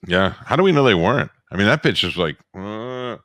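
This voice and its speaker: A man's voice: low-pitched, very animated, fast talker, fairly bright tone, no echo. A man co-hosting a podcast in casual chat, blunt and sardonic, swearing freely. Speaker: podcast co-host.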